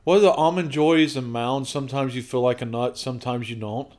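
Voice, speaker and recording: A man's voice: medium pitch, fairly even intonation, brisk, darkish tone. A man hosting a casual home podcast, playful and rambling, laughing at his own jokes. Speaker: podcast host. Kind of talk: casual family chat.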